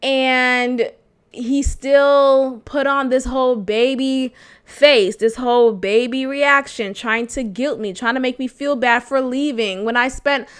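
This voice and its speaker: A young adult woman hosting a podcast, telling a frank personal story in a profane, animated way and laughing often. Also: high-pitched, takes it slowly, clear, resonant tone. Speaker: podcast host. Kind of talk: candid storytelling monologue.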